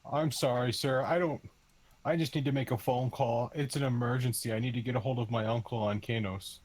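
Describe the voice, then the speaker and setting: A man's voice: medium pitch, fairly even intonation, a little fast, darkish tone, lightly acted. Player voicing a courteous, desperate young man, everyday voice, calls people sir. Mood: pleading. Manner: polite, pleading. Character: polite, desperate young male stranger.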